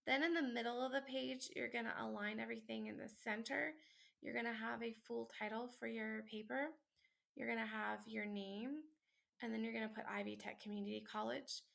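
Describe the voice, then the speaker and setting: A woman's voice: fairly high pitch, steady tone, a little fast, creaky, a bit bright. A tired woman instructor, talking late at night at home, walks students through a sample paper in a casual, chatty way with many ums and likes. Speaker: college instructor. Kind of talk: screen-recorded lesson walkthrough.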